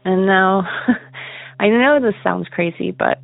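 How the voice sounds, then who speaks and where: A woman's voice: mid-range voice, takes it slowly, creaky, no echo, soft background music. A woman earnestly telling a personal story as a caller, often laughing as she goes. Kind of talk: casual spoken storytelling. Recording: tinny dry phone line.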